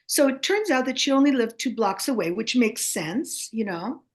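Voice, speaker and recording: Animated older woman telling a story. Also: fairly high pitch, moderate pace. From United States. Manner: keeps checking in with "okay?". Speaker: author and guest.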